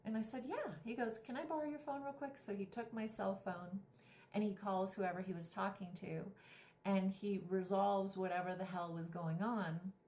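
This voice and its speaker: A woman's voice: mid-range voice, steady tone, moderate pace, darkish tone. A woman vlogger and spiritual guide who tells a story animatedly and acts out the people she quotes. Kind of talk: storytelling vlog. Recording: echoey room.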